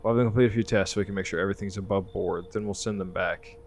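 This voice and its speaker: A man voicing a brisk, bureaucratic government agent who speaks quickly. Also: deep voice, fairly even intonation, soft background music. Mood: officious.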